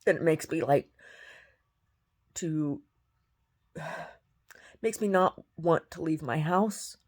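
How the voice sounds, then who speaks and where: A woman who sings tells a story in a casual, exasperated rant, often mimicking other people. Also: slow pace. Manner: animated, exasperated, mimics others in high voices. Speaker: singer.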